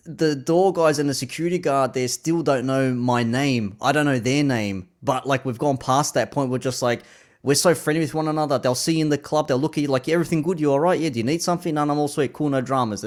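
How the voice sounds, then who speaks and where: A relaxed man talks loosely in casual conversation, cursing easily and breaking into laughter. His voice sits at an ordinary middle pitch. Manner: laid-back, swears freely, laughs often. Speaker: podcast host and DJ. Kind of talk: casual chat.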